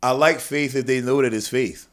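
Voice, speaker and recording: A comedian guest on a podcast chats casually, animated and profane, frequently imitating other people's voices. He has a medium-pitched voice and speaks at a normal speed.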